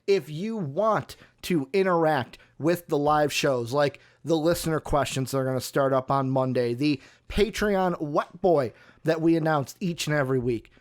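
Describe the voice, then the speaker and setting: A man's voice: a little high, moderate pace. A man hosting a live sports talk show, running through announcements in an upbeat way with some fillers. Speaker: show host.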